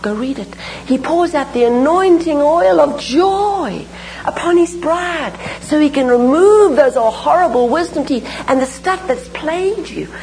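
A woman preaching a sermon, telling stories and praying in an animated, emphatic way with repeated phrases. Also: sits high, a little hiss or hum, poor audio. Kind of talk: sermon with storytelling and prayer.

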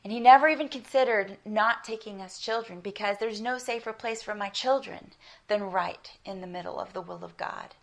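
Her sermon draws on personal stories, delivered with earnest emphasis by a middle-aged woman from South Africa who speaks with an American accent. Her voice is mid-range and her speed normal.

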